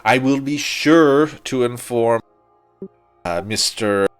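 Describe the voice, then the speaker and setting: A man voicing a formal, courteous wealthy male employer in a tabletop game, speaking in slow, measured, polite phrases. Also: medium pitch, clean tone, soft background music, pitched above the performer's own voice, lightly acted.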